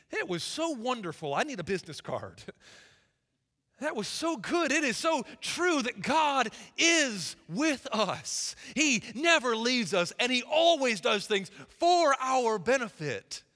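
A young man preaches with passion in a church sanctuary, his voice very high and ringing bright. He uses folksy turns of phrase and swings widely in pitch, and a long hall reverb trails his words. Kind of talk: sermon.

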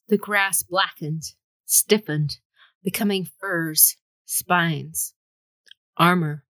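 A woman's voice: sits low, bright, forceful tone, no echo, poor audio. A woman reading a fantasy story aloud with dramatic storytelling. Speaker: audiobook reader. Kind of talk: scripted fantasy narration.

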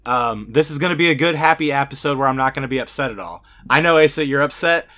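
A man's voice: medium pitch, fast, sharp tone. A man co-hosting a podcast, chatting in a laid-back, easygoing way with a drawl. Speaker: podcast co-host. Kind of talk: casual podcast chat.

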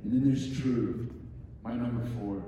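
Pastor, forties, mellow and conversational, storytelling sermon, distant mic, long hall echo, faint room ambience. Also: male voice, mid-range voice, fairly even intonation, measured pace, slight background noise. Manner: conversational, storytelling, drops to soft emotional tones. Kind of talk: sermon with personal stories. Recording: echoey hall from far off.

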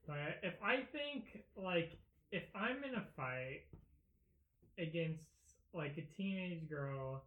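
A man's voice: fairly high pitch, animated, slow pace. A man chatting casually in a podcast discussion, rambling with hesitant restarts. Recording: tinny phone-like line, roomy echo.

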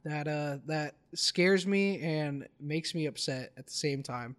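Young male podcast co-host, high-ish voice, deadpan joking, many "uh"s. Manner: joking, mock-serious, halting with fillers. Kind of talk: casual podcast banter.

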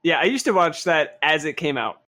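A man's voice: a little high, sing-song, brisk, sharp tone. A man hosting a podcast, chatting in an easygoing way. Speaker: podcast host. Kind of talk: casual chat.

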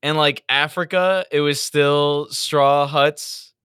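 Podcast dude talking slow, bright crisp voice, dry close mic, kinda fed up. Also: male voice, on the high side, fairly even intonation, no room sound. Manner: exasperated, blunt, swears casually. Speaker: podcast co-host. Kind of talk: casual review chat.

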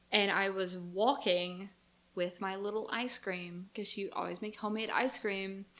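A woman's voice: mid-range voice, a bit bright. A young woman co-hosting a podcast, telling a childhood story in casual chat and acting out her family's reactions. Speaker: podcast co-host.

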